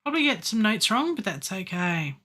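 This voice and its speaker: A woman's voice: mid-range voice, sing-song, brisk, fairly bright tone. A woman livestreaming from her home studio, chatting playfully to herself and to viewers as she works on a song. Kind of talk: casual live-stream self-talk while producing music.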